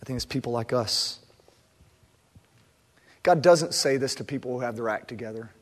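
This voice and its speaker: A man in his thirties, a pastor delivering a sermon, moving from quiet reflection to loud, impassioned preaching. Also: mid-range voice, normal speed. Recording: long reverb of a large hall.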